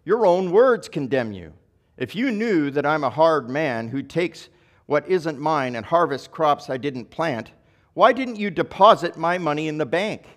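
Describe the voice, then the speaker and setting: A man's voice: medium pitch, lively intonation, a little slow, lightly acted. A man reading aloud the words of a stern, demanding king from a parable. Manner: reads the king's words aloud with stern emphasis.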